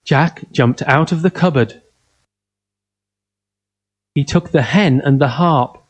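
A man reading a children's fairy tale aloud in simple, even, carefully spoken sentences. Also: a little high, slow. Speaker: storyteller.

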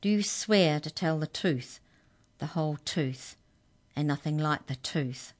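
A woman's voice: deep voice, a little slow. A woman voicing a pompous male court clerk with a thin, reedy voice in a children's story. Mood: formal. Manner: stern, commanding.

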